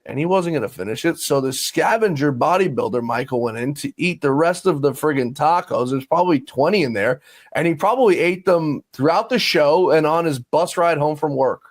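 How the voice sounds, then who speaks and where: A man in casual chat, telling lively workplace stories and laughing often as he acts out quotes. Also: a little high, a little fast, dry recording.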